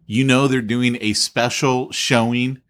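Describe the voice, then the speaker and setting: A man's voice: medium pitch, level tone, a little slow, fairly bright tone. A man co-hosting a podcast in casual chat, playful and teasing. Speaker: podcast co-host.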